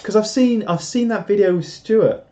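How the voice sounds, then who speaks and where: A man's voice: high-pitched, moderate pace, warm tone. Man chatting on a live stream. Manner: reads viewer comments aloud, jokey and rambling. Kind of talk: casual live stream chat. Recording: dull lo-fi sound.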